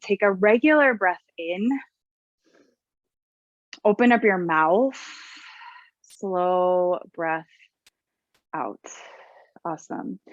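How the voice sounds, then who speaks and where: A woman leading a gentle yoga class, giving calm, soothing cues about breath and posture. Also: mid-range voice, no room sound, muffled recording. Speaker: yoga instructor. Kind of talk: guided yoga class instruction.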